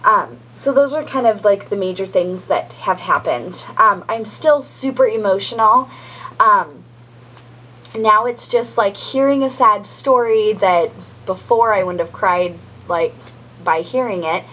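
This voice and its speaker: A woman's voice: medium pitch, unhurried, fairly bright tone, husky, poor audio. A young adult woman giving a casual pregnancy update vlog, chatty and rambling with many ums and likes. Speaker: vlogger.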